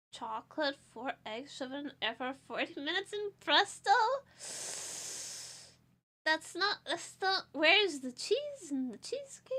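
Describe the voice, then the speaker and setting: Bright high-voiced Portuguese woman streamer. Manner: playful, rambling, giggly. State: stressed and tired. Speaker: vtuber streamer. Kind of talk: casual stream chat.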